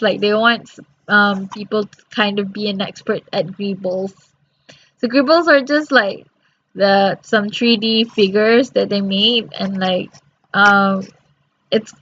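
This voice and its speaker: A woman's voice: medium pitch, a bit bright. A very sleepy young woman reading her study notes aloud and explaining them in a rambling way, with many fillers and restarts. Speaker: student reviewing course notes. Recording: slightly dull lo-fi audio.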